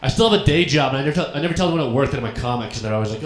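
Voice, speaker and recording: A young man from Colorado doing a stand-up set on a comedy club stage. He tells his stories deadpan and acts out the other people in them. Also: mid-range voice, very fast, noisy background. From Colorado, USA. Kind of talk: stand-up routine. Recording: echoey club room with a laughing crowd.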